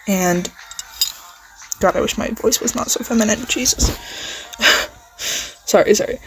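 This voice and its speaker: A woman improvising a second-person listener role-play story in a rambling way, full of fillers, pauses and apologies. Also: lowish voice, steady tone, a little hiss or hum, rough recording. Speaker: channel host. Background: faint music playing.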